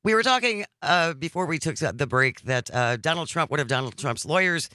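A man's voice: on the high side, expressive, moderate pace, bright, forceful tone, no echo. A man hosting a live political talk radio show from a studio, reading listener texts and news in a wry, conversational way. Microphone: studio microphone.

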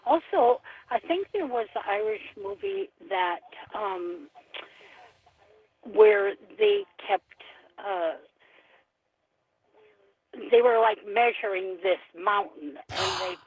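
A man's voice: high voice, animated, takes it slowly, pauses often, no room sound. A man calling in to a radio show, talking hesitantly and searching for words with fillers. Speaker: caller. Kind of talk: call-in radio chat. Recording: tinny phone line.

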